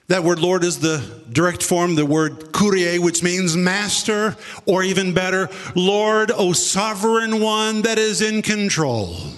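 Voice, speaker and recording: A man's voice: unhurried, a bit bright. Man, preacher, sermon, dramatic storytelling, voice echoing in a big hall. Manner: dramatic storytelling, acting out quotes with big swings in pitch and pace.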